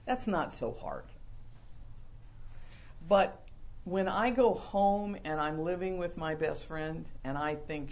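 A man gives a relaxed, conversational sermon with folksy humor. He acts out little quoted scenes and drops to a hushed, low voice for the heartfelt parts. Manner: folksy and humorous, acting out quoted lines, dropping soft and low for confessions. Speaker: preacher.

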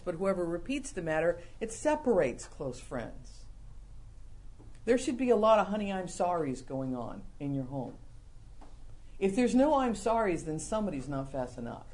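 A man preaching a conversational sermon in a folksy, humorous way, acting out the lines he quotes and dropping soft and low for confessions.

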